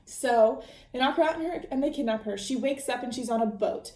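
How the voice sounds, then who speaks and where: A woman's voice: a little high, brisk, a little mellow. Woman, podcast host, casual book recap, chatty, frequent restarts, echoey room.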